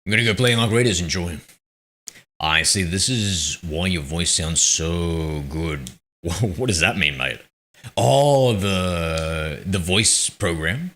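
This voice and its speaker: Deep, bright-toned male game streamer. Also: lively intonation, slow pace. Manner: rambling, self-deprecating, reads chat aloud. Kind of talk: casual live-stream chat. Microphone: streaming mic with noise suppression filter.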